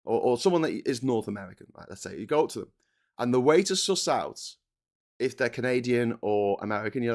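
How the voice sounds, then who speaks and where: A man's voice: mid-range voice, fast talker, darkish tone. A man hosting a political commentary monologue, ranting with passion and repeating himself. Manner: impassioned, repetitive, ranting. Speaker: host.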